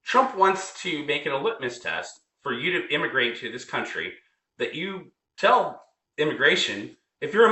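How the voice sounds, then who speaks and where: A man's voice: a little high, bright, forceful tone. A man ranting in a heated, profane way, repeating himself as he vents. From United States. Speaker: vlogger. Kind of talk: angry political rant. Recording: roomy echo.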